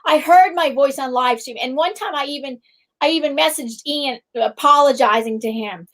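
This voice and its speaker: A woman's voice: sits high, moderate pace, a bit bright. A middle-aged woman hosting a livestream, chatting casually and telling rambling stories, raising her voice when heated. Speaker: livestream host. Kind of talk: casual chat.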